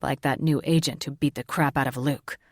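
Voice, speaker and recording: A woman voicing a young male shapeshifter in an audiobook, pitching her voice down and speaking firmly. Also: steady tone, fairly quick, no echo, studio quality. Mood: urgent. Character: young eager male shifter, commanding.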